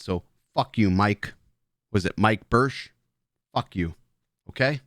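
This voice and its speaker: Man, live stream host, rambling and profane, lowish voice, dry close mic. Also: a bit bright, no room sound. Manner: rambling, joking, profane banter with chat; drinking beer while talking. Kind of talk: casual live stream chat.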